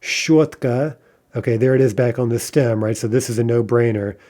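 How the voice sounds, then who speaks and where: Man, language teacher, methodical, very mellow dark tone, mid pitch. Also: steady tone, moderate pace. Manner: methodical, checks in with "right?" and "okay". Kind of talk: online language lesson.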